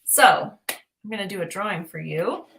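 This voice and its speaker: A woman's voice: mid-range voice, animated, normal speed, gravelly, a bit bright, a little hiss or hum. A woman giving intuitive art readings on a livestream, upbeat and chatty, asking lots of rhetorical questions. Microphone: livestream mic.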